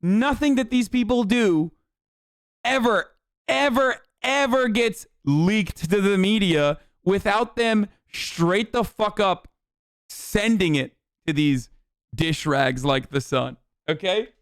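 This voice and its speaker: A man's voice: high-pitched, slow pace, smooth, dry recording, studio quality. Profane, incredulous streamer man. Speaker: streamer host. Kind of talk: casual live-stream commentary.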